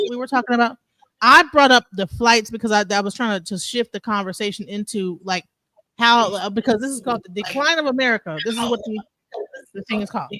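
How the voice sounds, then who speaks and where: A man's voice: high voice, fairly quick, bright, forceful tone, no echo. A man hosting an online panel talk, rambling with many restarts and fillers. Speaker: show host.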